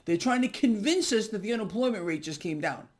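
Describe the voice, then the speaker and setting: A man's voice: sits high, expressive, fairly quick. A man hosting his own market commentary vlog, talking in an emphatic, indignant way and repeating his points.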